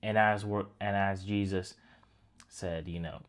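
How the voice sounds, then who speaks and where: A man's voice: low voice, fairly even intonation, a little slow. A man giving a casual, conversational sermon, retelling a story and talking straight to his listeners. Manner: conversational, addresses listeners as guys, restarts phrases. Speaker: preacher.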